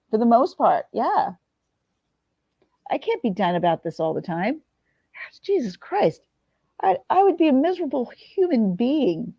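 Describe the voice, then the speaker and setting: A woman's voice: mid-range voice, gravelly, mellow, no room sound. Candid tearful woman venting to camera. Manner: candid, tearful at times, swears freely. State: teary. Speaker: vlogger. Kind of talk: emotional confessional talk to camera.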